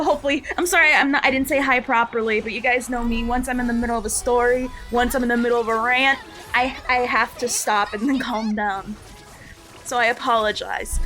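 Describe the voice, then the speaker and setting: A woman's voice: sits high, bright, forceful tone. A woman game streamer chatting casually on a live stream, rambling and laughing often.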